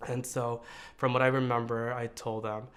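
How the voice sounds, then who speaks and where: A man from the United States telling his own coming-out story in a reflective, earnest way, pausing on fillers and restarts. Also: medium pitch, little pitch movement. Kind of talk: personal storytelling.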